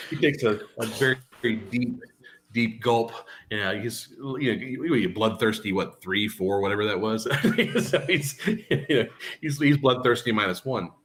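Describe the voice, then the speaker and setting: A man's voice: medium pitch, sing-song, a little slow, a bit bright, a little hiss or hum. A man narrating as game master in a rambling, casual way. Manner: rambling, full of fillers and laughs.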